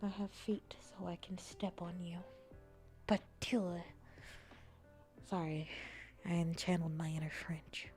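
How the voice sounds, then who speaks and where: A woman streamer chatting casually with her viewers, playful and often slipping into soft whispers. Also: lowish voice, fairly even intonation, a little slow, pauses often, faint music behind. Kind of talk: casual chat.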